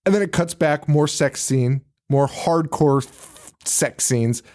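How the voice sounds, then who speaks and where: A man's voice: fairly high pitch, takes it slowly, darkish tone. A man hosting a podcast, casually retelling a film with frequent laughter and swearing. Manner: laughing often, swearing, acting out lines. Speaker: podcast host. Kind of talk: casual movie recap.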